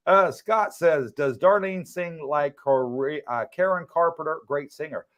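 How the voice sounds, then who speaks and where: A man's voice: on the high side, takes it slowly, a bit bright. A middle-aged man with an English accent, hosting a casual livestream and reading out viewer comments in a chatty, teasing way. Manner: chatty, teasing, laughs often.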